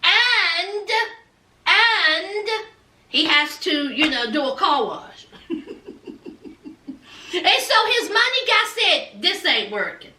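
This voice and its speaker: A woman's voice: extremely high pitch, lively intonation, slow pace, pushed and bright, far from the mic. A woman chatting through a TV recap, sassy and gossipy, calling her viewers "honey" and "child.". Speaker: TV recap vlogger. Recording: echoey room, voice off-mic.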